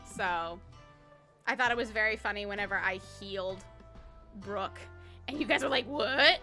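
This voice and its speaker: A woman's voice: medium pitch, normal speed, sharp tone, faint music behind. A woman game master wrapping up a tabletop game stream in a bubbly, chatty voice, joking about herself.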